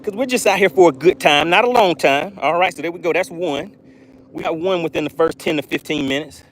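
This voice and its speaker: A man hosting a live fishing stream from a boat, excitedly talking to his viewers and reading their chat aloud. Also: on the high side, a little fast, slight background noise. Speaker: fishing channel host. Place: on a boat on open water. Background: jet skis and outdoor ambience.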